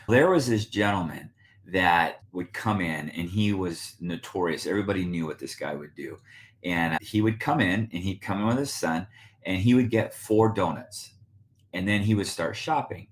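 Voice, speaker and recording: A man hosting a podcast, telling a casual story with lots of laughing and acted-out quotes. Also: sits low. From United States. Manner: animated, laughing, acts out quoted voices. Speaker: podcast host. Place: Spokane, Washington.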